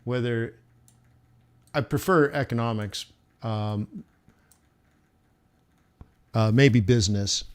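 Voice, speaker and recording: A man's voice: medium pitch, slow, long pauses, clear, resonant tone. A man hosting a trading livestream, rambling casually and joking at his own expense as he chats with viewers. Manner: rambling, self-mocking, chatty with viewers. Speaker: forex livestream host.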